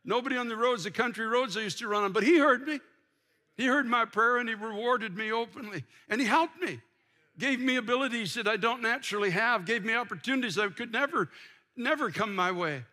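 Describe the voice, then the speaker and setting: The pastor, an older man, has a very high, sharp voice and speaks fairly quickly. He preaches passionately from a church pulpit in a large sanctuary, repeatedly restarting his phrases.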